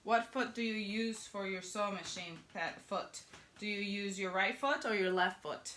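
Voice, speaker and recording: A woman's voice: medium pitch, normal speed, noisy background. A young woman giving a casual sewing tutorial, chatting and joking with viewers as she works at her sewing machine. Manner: chatty, jokey asides to viewers while working. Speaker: sewing pattern instructor.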